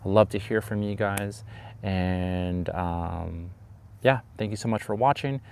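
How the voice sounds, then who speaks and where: Guy with a deep gravelly voice telling a classroom story, acts out bits. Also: unhurried, a little mellow, a little hiss or hum. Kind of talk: storytime vlog.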